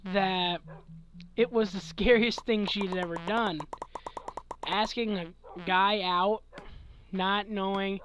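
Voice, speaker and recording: Young man, 20s, tired late-night vlog host, unhurried rambling delivery with chuckles, a touch of faint hiss behind. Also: sits high, steady tone. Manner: rambling, chuckling, trailing off mid-thought. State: sleepy, yawning. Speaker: gaming channel host answering questions. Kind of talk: casual late-night Q&A chat.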